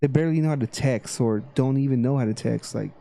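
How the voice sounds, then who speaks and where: A man co-hosting a podcast, talking in a relaxed, drawn-out way and swearing casually. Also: medium pitch, vocal fry. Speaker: podcast co-host. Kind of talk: casual chat.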